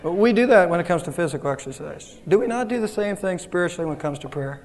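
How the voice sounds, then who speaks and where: A man's voice: sits high, lively intonation, fast, a little mellow, in a large hall. A man pastor giving a sermon in a conversational, self-deprecating way.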